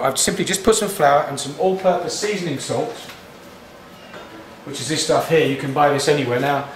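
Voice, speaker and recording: A man's voice: fairly high pitch, a little hiss or hum. A man, casually talking through a home cooking demonstration in a chatty, rambling way. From England. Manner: chatty, rambling, with frequent restarts. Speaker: home cook host. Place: home kitchen. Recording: echoey kitchen, distant mic, frying sizzle.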